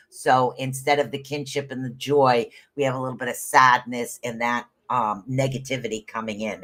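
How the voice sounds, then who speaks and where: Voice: medium pitch, a bit bright. Chatty rambling live-stream rune reader. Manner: chatty and rambling, calls viewers by name. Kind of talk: casual live-stream reading.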